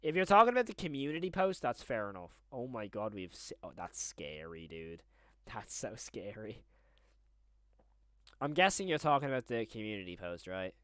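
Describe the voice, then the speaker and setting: A young man talking his way through a live stream in a chatty, rambling manner, quickly getting excited. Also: on the low side, smooth, dry recording, studio quality.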